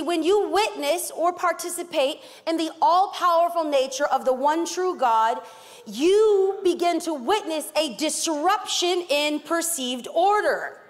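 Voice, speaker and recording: A woman pastor from East Los Angeles preaching a sermon, emphatic and dramatic with playful asides. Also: very high voice. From East Los Angeles, California. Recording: long hall reverb.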